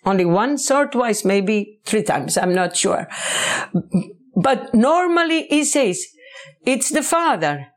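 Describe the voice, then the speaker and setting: A woman, a book author answering interview questions in English, halting and searching for words. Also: fairly high pitch, big pitch swings.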